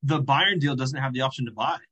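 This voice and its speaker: A man co-hosting a podcast, working through his football points in a measured way. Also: medium pitch, bright, forceful tone, slightly rough, highs cut off. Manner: measured, reasoning, with restarts. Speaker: podcast co-host. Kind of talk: casual sports chat.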